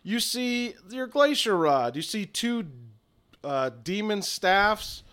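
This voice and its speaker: A young man narrating as game master and hosting a podcast, relaxed and chatty with filler words. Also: high voice, slow, clear, resonant tone.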